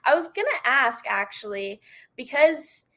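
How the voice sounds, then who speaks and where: A woman co-hosting a podcast in casual chat, warmly asking follow-up questions. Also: high-pitched, lively intonation, unhurried. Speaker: podcast co-host.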